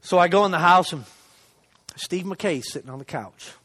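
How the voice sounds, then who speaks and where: A middle-aged man with a notably high, light voice, delivering a sermon testimony in a church. He talks conversationally and pokes fun at himself, dropping to a hush for asides and rising for emphasis. Long reverb from the hall trails his words. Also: moderate pace. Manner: conversational, self-deprecating, swings between loud emphasis and hushed asides. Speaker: lay preacher giving a testimony.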